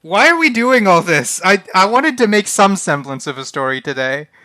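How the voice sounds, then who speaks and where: A man's voice: sits high, lively intonation, normal speed, pushed and bright, no room sound. A young man streaming a text adventure game, reading the game text aloud in a casual, flustered way and often laughing. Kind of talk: casual live-stream commentary.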